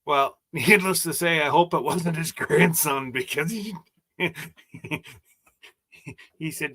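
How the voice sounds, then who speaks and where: A man's voice: a little high, slow pace, pauses often, bright, forceful tone. A man hosting a casual livestream chat, rambling and joking as he stumbles over his words. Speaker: host.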